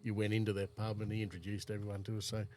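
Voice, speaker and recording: Australian man, low voice, rambling storyteller, faint hum behind. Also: completely flat delivery, very fast, warm tone. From South Australia. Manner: rambling anecdotal storyteller, laid-back. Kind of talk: casual chat.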